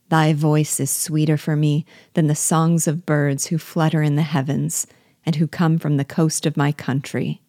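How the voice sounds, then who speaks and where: A woman's voice: sits low, darkish tone, no echo, clean studio sound, heavily acted. A woman reading the verses of a mysterious man, an exiled former king, in a plaintive, sorrowful way. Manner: plaintive, sorrowful, growing menacing.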